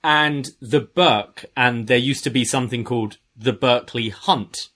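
A man's voice: mid-range voice, a little slow, pushed and bright. A man co-hosting a podcast, casually and wryly explaining details. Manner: explains slang carefully, wry. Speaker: podcast co-host. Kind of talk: casual chat.

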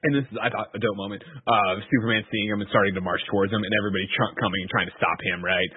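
A man's voice: on the low side, steady tone, racing, breathy edge. A man co-hosting a podcast, rambling through a movie recap with laughs and swearing. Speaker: podcast co-host. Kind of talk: casual movie recap chat. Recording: tinny phone-like audio.

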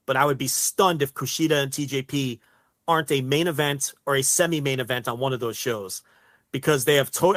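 A man's voice: on the high side, fairly bright tone, no room sound. A man co-hosting a wrestling podcast, chatting casually with many fillers and restarts. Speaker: podcast co-host.

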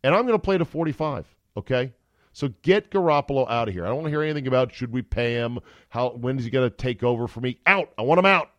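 A man's voice: medium pitch, expressive, quick pace, dry recording, dull audio, pitched above the performer's own voice, close to an everyday voice. A man putting on the voice of a fed-up, demanding star quarterback who swears. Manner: bossy, profane.

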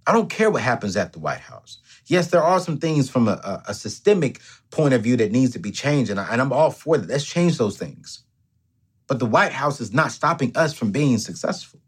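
Male host, fired-up motivational talk, lively pitch swings, preachy and punchy. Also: moderate pace, husky. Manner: emphatic, preacher-like, slips into self-talk.

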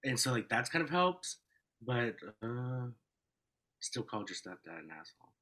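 Male guest, mid pitch, bright and forceful, measured with dry humor. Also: big pitch swings, poor audio. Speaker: podcast guest. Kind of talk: casual chat.

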